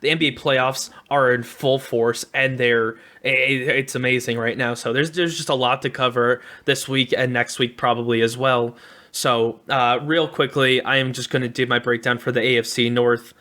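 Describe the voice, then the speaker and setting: A man co-hosting a sports podcast, giving his takes in an eager, upbeat way and thanking listeners as he goes. His voice is mid-pitched and bright, with a casual, chatty delivery. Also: level tone. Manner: upbeat, enthusiastic opinions, quick asides. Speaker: podcast co-host.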